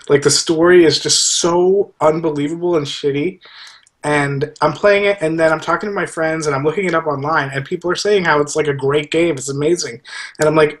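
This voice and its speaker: A man's voice: on the high side, steady tone, a little fast, fairly bright tone. A man on a gaming podcast, talking in a rambling, hesitant way and restarting his sentences. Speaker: podcast co-host. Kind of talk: casual gaming chat.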